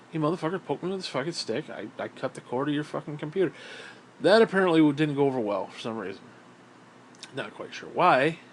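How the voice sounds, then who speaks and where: A man's voice: a little high, slight background noise. A middle-aged man in a casual monologue, ranting in a bitter, profane, rambling way. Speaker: vlogger.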